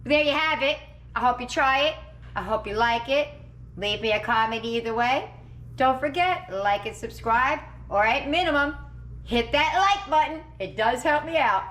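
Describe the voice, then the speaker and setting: A woman's voice: high voice, lively intonation, normal speed, a bit bright, reverberant. A woman hosting a casual home cooking vlog from her dining table, upbeat and chatty as she gets her family to taste the meal. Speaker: cooking channel host.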